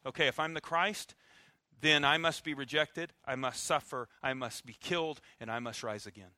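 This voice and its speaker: A male preacher delivers a sermon in a bright, cutting voice that sits a little high for a man. His delivery is animated and varied, leaning hard on key words and dropping low and quiet at the ends of phrases. The sound is close and dry, with no room echo. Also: normal speed. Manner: animated and emphatic, swinging from loud stresses to soft, low endings; uses dry humor and acted-out asides. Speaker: pastor.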